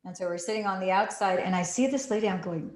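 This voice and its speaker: A woman telling a story in a casual way, acting out the quotes with big jumps in pitch. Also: fast talker, a little mellow. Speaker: group participant sharing a story. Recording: roomy echo.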